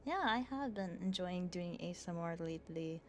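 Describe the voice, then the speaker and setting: A woman streamer in her room, speaking softly into an ASMR microphone, reading aloud and chatting with viewers in a giggly way full of fillers. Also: lowish voice, lively intonation, normal speed, a little hiss or hum. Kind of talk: soft-spoken ASMR reading and chat. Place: her bedroom.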